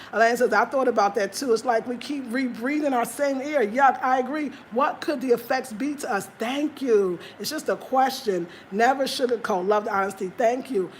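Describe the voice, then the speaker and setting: Brief: candid, animated woman livestreamer, a bit high-pitched, faint background hum. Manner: candid, animated, talks straight to viewers. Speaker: livestream host. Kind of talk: casual chat reading viewer comments. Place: home in Ghana.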